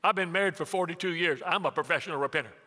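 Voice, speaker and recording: A man in his sixties preaches with a bright, ringing, high-pitched voice, which carries a long reverb through a church sanctuary. He is a pastor who tells funny family stories and acts out both sides of the conversations. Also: racing. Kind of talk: sermon.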